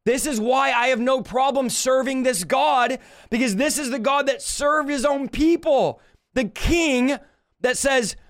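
A man preaching a livestreamed sermon, emphatic and impassioned, slowing down to draw out scripture quotes and rising sharply when he rebukes. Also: very high voice, a bit bright. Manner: slows to drawn-out delivery when quoting scripture.

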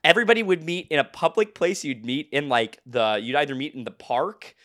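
A man's voice: on the high side, fairly quick, a bit bright. A young man co-hosting a podcast, telling a rambling story in casual chat, laughing often and restarting his sentences. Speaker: podcast co-host.

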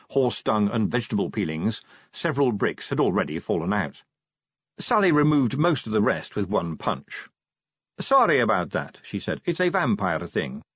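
Husky male audiobook narrator, lively pitch. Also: no room sound. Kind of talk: scripted narration. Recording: dull, dry audiobook recording.

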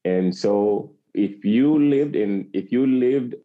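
A man in his forties from Africa, with a voice on the low side, takes his time as he speaks earnestly and passionately in an interview. He repeats phrases for emphasis, and the lo-fi recording comes across slightly dull.

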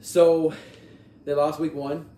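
A man's voice: on the high side, little pitch movement, slow pace, dark tone. Male podcast host, casual sports chat, echoey room, set back from the mic. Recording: echoey room, mic at a distance, faint noise.

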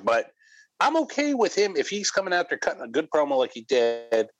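A man's voice: on the high side, wildly swooping pitch, fairly quick, no echo, dull audio. A man co-hosting a casual wrestling review podcast, rambling with lots of fillers and jokes. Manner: rambling, filler-heavy, jokey. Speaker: podcast co-host.

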